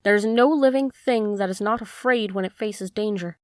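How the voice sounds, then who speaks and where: A woman reads a small humbug wizard, an elderly man who speaks gently and a little sheepishly. The voice sits mid-pitch and close, in a dry room with no echo. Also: normal speed, lightly acted. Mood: mild.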